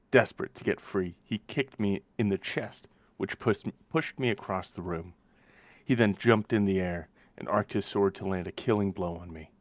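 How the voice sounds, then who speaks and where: A man with a very low voice narrates dramatic fight action in first person during a tabletop story game. The recording is dry, with no room sound. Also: no room sound. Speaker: player narrating his character.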